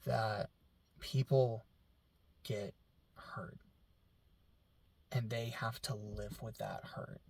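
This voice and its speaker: A man giving a casual, emotional film reaction, rambling with many fillers and dropping very soft when moved. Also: lowish voice, fairly even intonation, extremely slow, vocal fry, long pauses, slightly rough. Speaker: film reviewer.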